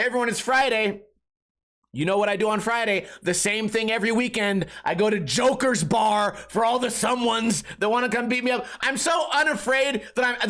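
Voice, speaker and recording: Animated man ranting on a podcast. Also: sits high. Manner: animated, mocking, puts on voices of others, swears freely. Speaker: podcast host. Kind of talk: solo comedic rant.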